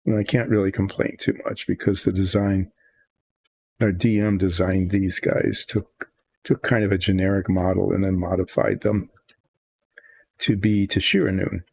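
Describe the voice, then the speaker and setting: A man's voice: sits low, little pitch movement, normal speed, vocal fry, darkish tone, breathy edge, no echo. An older man hosting a miniature painting video, chatting casually and thinking aloud in a meandering, self-deprecating way. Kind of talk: casual rambling chat while painting.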